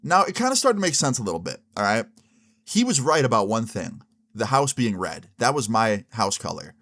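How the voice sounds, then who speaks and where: A man telling a story in a casual vlog, chatty and animated with lots of slang fillers. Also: fairly low pitch.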